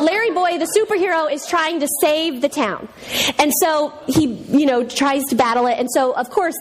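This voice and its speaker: A woman in her thirties teaching a Bible lesson in a casual, animated way, telling stories and acting out voices. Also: sits high. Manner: animated storyteller, acts out voices.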